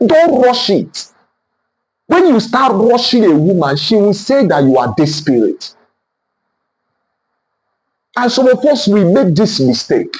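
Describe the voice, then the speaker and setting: Lively high-voiced man lecturing. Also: rough recording. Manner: emphatic and repetitive, lecturing the listener directly. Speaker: relationship advice speaker. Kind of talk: motivational relationship talk.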